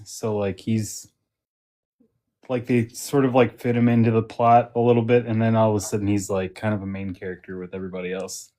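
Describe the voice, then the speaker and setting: A man's voice: medium pitch, fairly even intonation, a little fast, a little mellow. A man co-hosting a casual podcast chat, rambling with lots of fillers and restarts. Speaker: podcast co-host.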